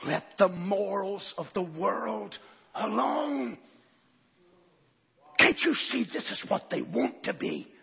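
A man preaching a fiery sermon, dropping to low murmurs and rising to shouted climaxes with calls of amen, recorded in an echoey church hall on dull lo-fi audio. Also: slow, gravelly, long pauses, breathy edge.

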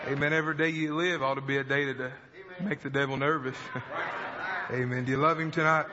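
A man's voice: fairly high pitch, takes it slowly, long pauses, a loud crowd, heavy background noise. A man preaching in a church service, folksy and chuckling between lines. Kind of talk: sermon. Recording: lo-fi recording in a reverberant church with a congregation.

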